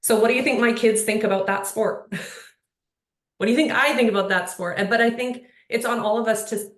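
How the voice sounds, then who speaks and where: A woman's voice: a little high, a little fast. A woman speaking on a panel in casual conversation, earnest and rambling, with lots of "like" and "you know". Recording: roomy echo.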